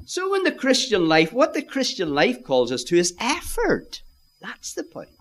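A man's voice: sits high, a bit bright. A man preaching a sermon, earnest and emphatic, addressing the congregation directly.

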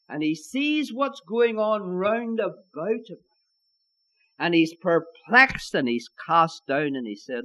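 Irish male preacher, fairly high voice swinging widely, unhurried sermon delivery, dull lo-fi recording. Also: very animated, bright, forceful tone. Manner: emphatic, repeats key lines, addresses listeners as "my friends".

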